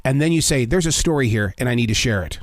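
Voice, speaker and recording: A man's voice: mid-range voice, expressive, quick pace, dry recording. A man hosting a casual interview, speaking in an effusive, folksy and eager way. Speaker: interviewer, show host.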